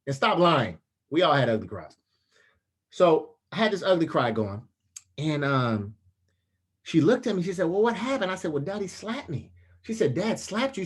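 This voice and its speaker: A man's voice: moderate pace, slightly rough. A man in his thirties giving a motivational talk as a storyteller, casual and slangy, acting out the other people's voices. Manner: animated storyteller, acts out voices with big pitch jumps. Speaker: motivational speaker.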